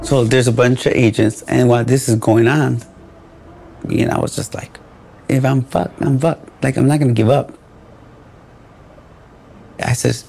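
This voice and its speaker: A man's voice: mid-range voice, fairly even intonation, moderate pace, gravelly, pauses often, warm tone, husky. A man telling his own story in a podcast interview, acting out the dialogue in a blunt and profane way.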